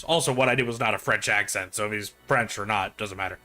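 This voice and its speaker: A man's voice: on the low side, fast talker, few pauses, sharp tone, faint music behind. A man streaming a video game, making joking, playful asides in casual commentary.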